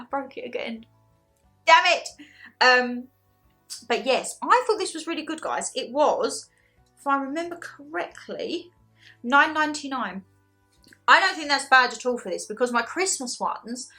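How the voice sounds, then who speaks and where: A young woman chatting casually in a haul video, animated and self-deprecating, laughing often as she talks. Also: high voice. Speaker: haul vlogger.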